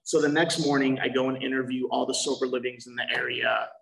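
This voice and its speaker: A young man shares his recovery story in a casual, profane way and acts out the conversations he once had. His voice is heavily gravelly and full of fry. He sounds a little distant from the microphone. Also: medium pitch, flat delivery, fairly quick, fairly bright tone, slight background noise. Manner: profane, loose, acts out quoted exchanges.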